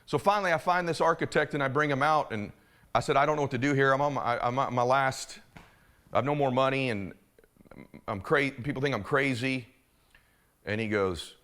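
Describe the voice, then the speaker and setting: A middle-aged man giving a motivational keynote, telling a story with animated delivery and acting out the other people in it. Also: medium pitch, brisk. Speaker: motivational speaker.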